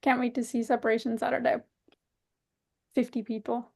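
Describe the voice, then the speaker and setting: A woman co-hosting a podcast, chatting casually and telling stories with animated energy. Her voice sits a little high, with a gravelly fry in the lower notes. She laughs often and acts out the quotes in her stories. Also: fairly quick. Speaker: podcast co-host. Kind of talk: casual chat.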